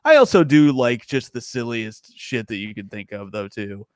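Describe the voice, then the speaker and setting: A young man, a stand-up comedian, chatting casually on a podcast, animated and laughing often. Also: mid-range voice, moderate pace, no echo, studio quality.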